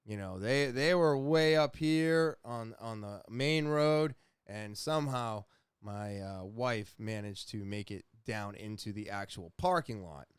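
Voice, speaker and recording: A young adult man hosting a podcast, casually telling a rambling, profane story with animated retellings. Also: lowish voice, unhurried, clear, resonant tone, no echo, clean studio sound. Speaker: podcast host.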